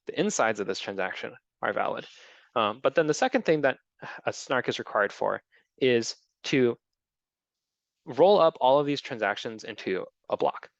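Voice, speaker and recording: A man's voice: mid-range voice, creaky, no echo, highs cut off. A man giving a technical talk, explaining step by step with frequent ums and restarts. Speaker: presenter. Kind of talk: technical talk with audience questions.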